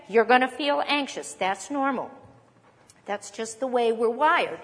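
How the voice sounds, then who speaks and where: A woman's voice: high-pitched, fairly bright tone, big-room sound. A woman pastor preaching a sermon in a conversational, emphatic way, repeating her key lines.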